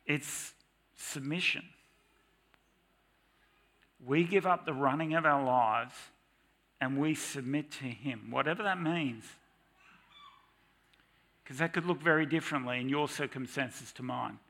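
Bright-voiced man preaching a sermon. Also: medium pitch, measured pace, vocal fry, long pauses. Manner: animated, mock-shouting and singing to make points.

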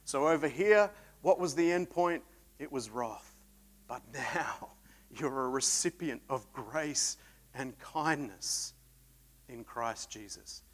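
A man preaching a sermon, swinging between loud emphatic peaks and quiet reflective stretches. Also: medium pitch, animated, slow.

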